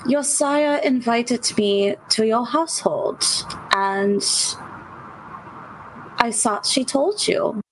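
A woman playing her character in a tabletop role-playing game, calm and measured. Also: on the high side, a little hiss or hum, rough recording. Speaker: player.

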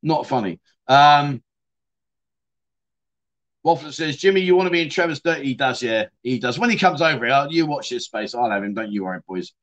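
With a fairly high voice at normal speed, a middle-aged Yorkshire man from England runs a relaxed livestream. He reads out comments from viewers, calls folks "mate" or "my friend," and tends to trail off softly.

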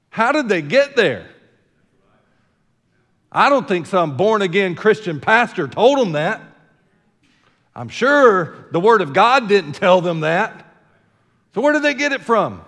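A man with a Southern American accent preaching a sermon as senior pastor, folksy, shifting from quiet asides to loud, emphatic declarations. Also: high-pitched, very animated, a little slow, pauses often, big-room sound.

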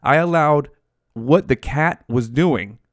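A man's voice: on the high side, slow, dry recording, studio quality. A man hosting a solo podcast, ranting casually with heavy swearing and rambling tangents. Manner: profane, rambling, goes off on tangents. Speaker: podcast host.

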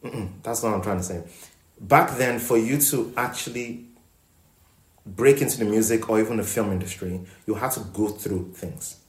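A podcast co-host in easy, casual chat who likes to tell stories and act out what other people said. The pitch sits in the middle range. The sound is roomy and echoey. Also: normal speed. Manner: animated storyteller, acts out quotes. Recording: roomy echo.

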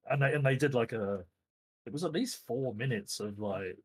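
A man's voice: mid-range voice, expressive, moderate pace, breathy edge, rough recording. A middle-aged man from the UK, a guest telling rambling, self-deprecating stories with lots of fillers in a casual interview chat. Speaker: esports director, guest.

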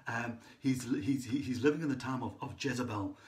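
Male preacher, mid-pitched, keen storyteller who restarts often and checks in with "right?". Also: fairly quick. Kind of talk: sermon.

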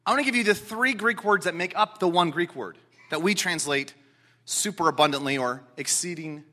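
In a church, a man with a high voice preaches an expository sermon to a seated congregation. He is emphatic and excitable, swinging between loud declarations and hushed asides.

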